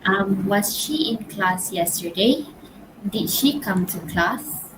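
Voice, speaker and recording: An eager young female student volunteering an answer , put on by a man in a raised voice. She talks slowly and carefully, with a clear hiss in the background of the recording. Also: high voice, animated, pitched above the performer's own voice. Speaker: pretend student in micro-teaching.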